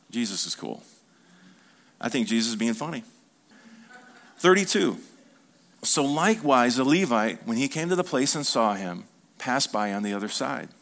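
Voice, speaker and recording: Man preaching an animated sermon. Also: mid-range voice. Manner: animated preaching with call-and-response; acts out quoted dialogue. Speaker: pastor.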